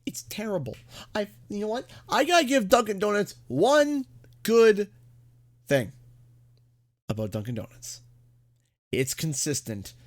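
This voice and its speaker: Animated ranting man streaming. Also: high-pitched, measured pace, long pauses. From Canada. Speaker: gaming livestream host. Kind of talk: casual chat.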